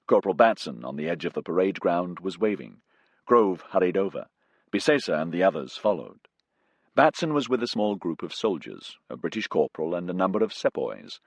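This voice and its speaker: A man narrating an audiobook with a husky voice, shifting his pitch for the characters. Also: no echo. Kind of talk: scripted narration.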